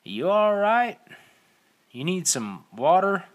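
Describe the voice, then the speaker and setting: A man voicing a plain-spoken male hunter leader who calls out in a raised, high voice. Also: sing-song, slow, full character voice. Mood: concerned.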